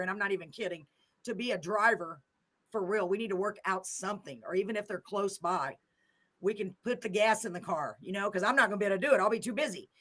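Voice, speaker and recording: A woman's voice: medium pitch, fairly bright tone. An older woman hosting a radio show, chatting casually and emotionally, often laughing. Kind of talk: casual chat.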